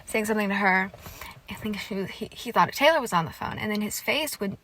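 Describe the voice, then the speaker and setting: A young woman hosting a casual solo podcast, gushing excitedly with lots of "like" and swearing. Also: medium pitch, brisk, a little hiss or hum. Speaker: podcast host. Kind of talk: casual solo podcast chat about a TV show.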